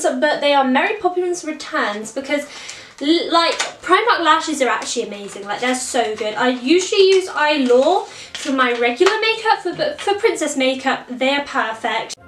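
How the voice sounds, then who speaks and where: A woman's voice: high-pitched, animated, moderate pace, a bit bright, a little hiss or hum. A young woman, chatting casually through a costume tutorial and repeating words for emphasis. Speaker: children's party princess performer. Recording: roomy echo, mic at a distance.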